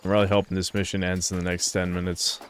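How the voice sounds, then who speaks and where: A man's voice: sits low, monotone, fast, noisy background. A young man streaming a game, rambling with crude, opinionated commentary. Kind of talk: casual gameplay commentary.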